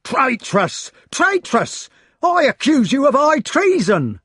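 A jealous knight in fury, screeching high accusations, close dry recording. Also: male voice, wildly swooping pitch, slow, no room sound, heavily acted. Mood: raging. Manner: shrill raging yells. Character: jealous furious medieval knight, man, middle-aged.

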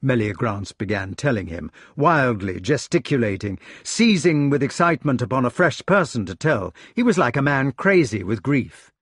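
Man, audiobook narration, expressive storytelling, animated pitch, dry close recording. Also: normal speed, few pauses, slightly rough, no room sound. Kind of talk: scripted narration.

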